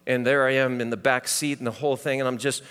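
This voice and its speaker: A middle-aged male pastor preaching a sermon, telling personal stories that swing from loud to hushed. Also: mid-range voice, level tone, fast, smooth. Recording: hall reverb.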